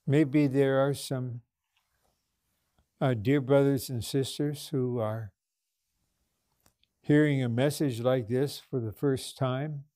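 A man's voice: mid-range voice, fairly even intonation, slow pace, long pauses, dark tone, no echo, clean studio sound. A man delivering a sermon to a congregation, speaking earnestly and posing rhetorical questions, with small restarts. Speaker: minister.

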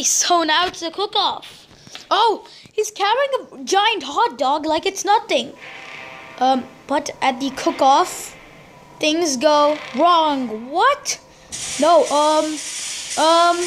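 A woman hosting a let's play, excitable and jokey, exclaiming at every surprise. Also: very high-pitched. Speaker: gaming channel host. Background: game music.

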